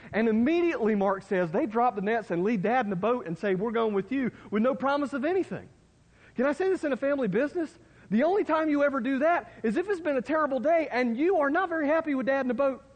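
A man preaching a sermon in a folksy, conversational way, with asides to his listeners. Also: extremely high pitch. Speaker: pastor. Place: church sanctuary. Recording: long hall reverb.

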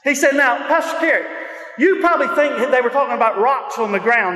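A man preaching a sermon at a very high pitch, his voice ringing through a large hall with a long echo. He speaks with fervor, shouting as he tells his stories. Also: a little fast. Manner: impassioned, often shouting, laughs between stories. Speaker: pastor. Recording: echoey hall with long reverb.

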